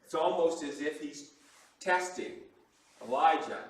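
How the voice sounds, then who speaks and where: A man preaching a sermon as pastor, telling the story with lively acted-out voices for the people in it. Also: high voice, a little slow, heavy reverb, distant mic, poor audio. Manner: animated storytelling, acting out quoted voices. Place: church sanctuary.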